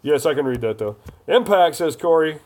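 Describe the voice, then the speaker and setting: A man's voice: fairly high pitch, expressive, normal speed, a little mellow. A man hosting a casual live stream, chatty and jokey as he reads viewer comments aloud.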